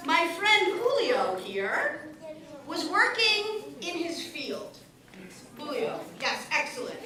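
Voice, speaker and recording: A woman's voice: extremely high pitch, pushed and bright. A woman telling a story to a congregation, playful and chatty, joking with volunteers from the audience. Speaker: storyteller at a Shabbat service. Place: large synagogue sanctuary. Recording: echoey hall from far off.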